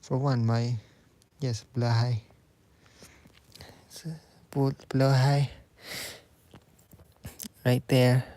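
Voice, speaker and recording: A man's voice: medium pitch, flat delivery, extremely slow, long pauses, mellow. A man chatting casually on a livestream, rambling and swearing freely while talking to his viewers. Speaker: streamer.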